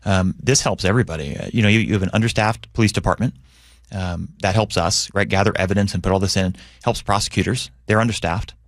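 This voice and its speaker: A man appearing as a police union president on a radio show, explaining his points in a measured way and often checking in with "right?". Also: low voice, no room sound. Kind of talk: radio interview.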